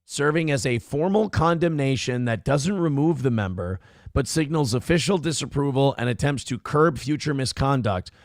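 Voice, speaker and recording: A man's voice: mid-range voice, no echo, studio quality. Crude, sarcastic male show host. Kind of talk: casual live-stream commentary.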